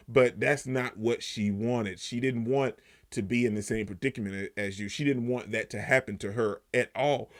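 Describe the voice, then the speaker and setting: A young man giving a casual video review of a TV episode, talking loosely with slang and getting animated as he retells scenes. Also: mid-range voice. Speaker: TV show reviewer.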